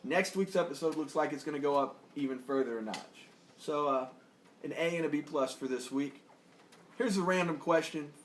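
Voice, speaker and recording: Guy rambling about a tv episode, kinda high voice, echoey room, bit of hiss. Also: moderate pace. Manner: laid-back, rambling, joking. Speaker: podcast co-host. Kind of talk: casual TV review chat. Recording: echoey room with faint noise.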